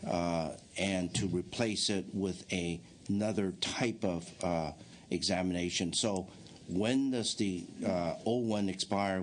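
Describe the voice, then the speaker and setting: Low-voiced male legislator, halting, restarts often, mild room noise. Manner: halting, many fillers and restarts. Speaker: committee member. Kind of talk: legislative hearing questioning.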